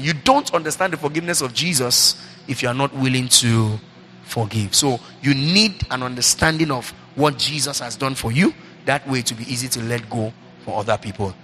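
A middle-aged man, a pastor, preaching a sermon into a handheld mic, repeating himself and breaking into lively asides. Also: medium pitch, fairly quick, slight background noise. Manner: preaching, repetitive, animated asides. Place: church hall. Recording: reverberant hall with faint ambience.

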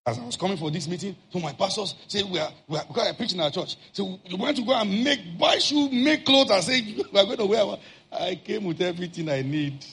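A man preaching, telling a personal story in an animated way and acting out shouted outbursts. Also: sits high, brisk.

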